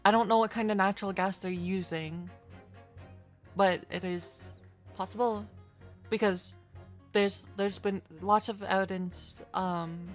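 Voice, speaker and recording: A woman's voice: medium pitch, steady tone, a little slow. Casual woman livestreamer, self-deprecating, lots of fillers; faint game music underneath. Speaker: streamer. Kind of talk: casual live-stream commentary while reading game dialogue.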